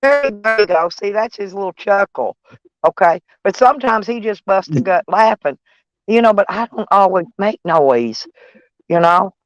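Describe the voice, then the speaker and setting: A woman's voice: mid-range voice, lively intonation, moderate pace, dry recording. A woman, chatting to her viewers from inside her van in a rambling, folksy and salty way. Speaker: vlogger. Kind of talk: casual rambling chat to viewers.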